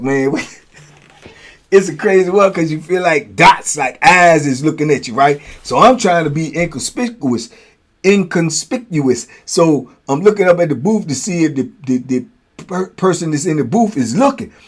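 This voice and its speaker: Male storyteller, casual prison tales, animated, fairly high voice. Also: normal speed. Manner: animated, acting out blows with sound words. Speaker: storyteller, host.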